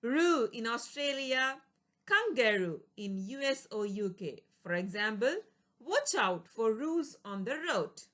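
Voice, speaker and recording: A woman teaching vocabulary in a bright, fairly high voice that rises and falls a lot. She works through word lists one by one, giving a short explanation and an example for each. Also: sing-song, slow. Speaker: English teacher. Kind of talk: reading a vocabulary lesson.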